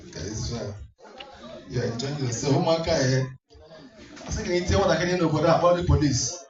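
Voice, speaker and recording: A man's voice: on the high side, expressive, normal speed, pauses often, far from the mic. A man hosting a community party, teasing the crowd playfully as he mixes English and Igbo. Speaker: event host. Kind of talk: joking emcee banter at a party. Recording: echoey hall, mic from afar, dull sound with loud music.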